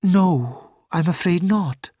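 Man playing a worried school matron, higher voice, slow delivery, dry studio sound. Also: warm tone, no room sound. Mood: distressed. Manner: shaken but composed, high light voice. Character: upset middle-aged woman school matron.

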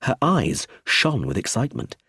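A male audiobook narrator with a husky voice and a very animated pitch that rises and falls with the story. He reads in a measured, expressive way. The sound is dry and close. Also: no echo. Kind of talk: scripted narration.

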